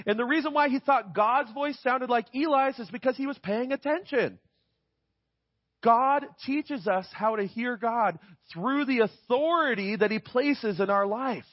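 Preaching in a chatty, conversational way, this high-voiced man keeps tossing in "right?" to check on his listeners. The recording has no echo but cuts off the highs.

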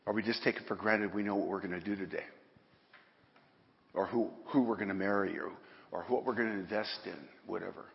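A man's voice: lowish voice, fairly even intonation, fairly quick, vocal fry. Folksy preacher man in a reverberant hall. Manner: folksy, rising to emphatic bursts. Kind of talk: sermon. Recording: dull sound in a hall with long reverb.

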